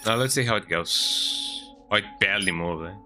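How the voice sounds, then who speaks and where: A man with a fairly low, sharp-toned voice talks at normal speed while streaming a video game from his home computer, soft music behind him. Chatty and rambling, he keeps tagging his sentences with "eh?".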